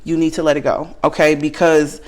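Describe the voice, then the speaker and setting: A woman's voice: deep voice, level tone, fairly quick. A woman with a Southern US accent giving a casual tarot reading straight to the viewer, frank and earnest, ending almost every sentence with a questioning "okay?". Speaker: tarot reader.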